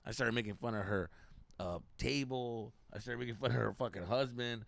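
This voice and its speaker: A young man, a comedian co-hosting a podcast, telling stories in a profane, animated way while hoarse from a lost voice. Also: medium pitch, fairly quick. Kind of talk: casual podcast chat.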